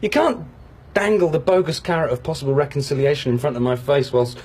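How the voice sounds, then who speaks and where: A man's voice: a little high, fast, darkish tone, breathy edge. A man playing a bitter, self-pitying dumped man who rambles sarcastically.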